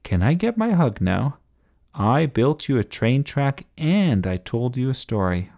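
A man's voice: medium pitch, very animated, a little slow, creaky, a little mellow, voice pushed up. A man voicing a playful, teasing older boy.

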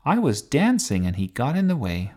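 A man's voice: mid-range voice, wildly swooping pitch, normal speed, a little mellow, husky, voice pushed up. A man voicing an imperious, fussy queen in a children's story, speaking in a lofty, commanding way.

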